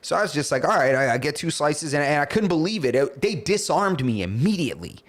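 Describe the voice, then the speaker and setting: A man's voice: fairly high pitch, fast talker. A man co-hosting a podcast, telling a story in casual chat, swearing and acting out the other people's lines. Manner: animated, swearing, acts out dialogue. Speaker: podcast co-host.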